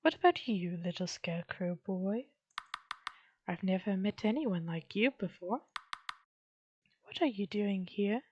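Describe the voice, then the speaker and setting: A woman's voice: medium pitch, animated, measured pace, long pauses, highs cut off, noisy background, lightly acted. A woman doing a sweet, lonely witch. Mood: soothing. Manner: soft, sweet, coaxing. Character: gentle lonely female witch, motherly and unsettling.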